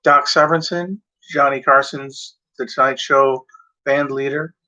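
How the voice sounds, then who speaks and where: Male host talking to camera off the cuff, with halting, rambling delivery, a tense bright tone and muffled lo-fi sound. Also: medium pitch, fairly even intonation. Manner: rambling, hesitant, with many fillers and self-corrections. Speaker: video host. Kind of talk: casual talk to camera. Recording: dull lo-fi sound.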